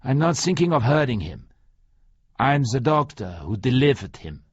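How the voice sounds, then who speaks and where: A man voicing a menacing older Nazi doctor with a German accent, speaking in slow, clipped commands. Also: mid-range voice, sing-song, husky, no room sound. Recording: dry, slightly muffled recording.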